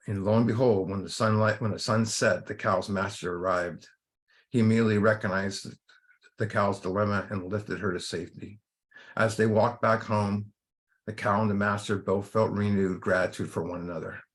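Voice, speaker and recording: A man's voice: on the low side, fairly even intonation, normal speed, fairly bright tone. A man leading a recovery workshop, giving an informal spiritual talk in a rambling way, full of fillers and restarts.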